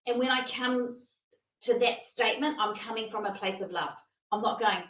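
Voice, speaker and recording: A woman's voice: on the high side, moderate pace, fairly bright tone, echoey room, far from the mic, lo-fi sound. A woman coach teaching a masterclass, talking emphatically and repeating phrases for stress.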